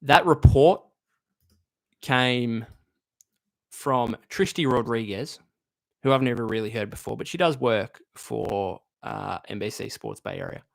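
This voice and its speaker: Male streamer, medium pitch, casual fan chat, heart on sleeve, lots of self-corrections. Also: big pitch swings, measured pace, creaky. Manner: chatty, emotional, thinks aloud with restarts. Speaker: live stream host. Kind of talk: casual live-stream basketball talk, reading chat comments.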